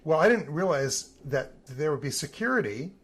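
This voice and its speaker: A man, an Olympic team photographer, telling lively stories in a podcast interview and acting out the voices of the people he quotes. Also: on the high side, normal speed, husky. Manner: animated storyteller, acts out quoted voices.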